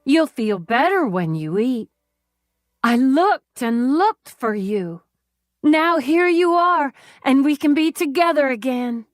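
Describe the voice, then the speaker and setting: A woman's voice: sits high, expressive, takes it slowly, no echo, studio quality, voice pushed up. A woman voicing a white-haired male kidnapper who speaks with a twangy American Southern accent and a child's cadence. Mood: childishly eager. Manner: childish, wheedling, turning menacing.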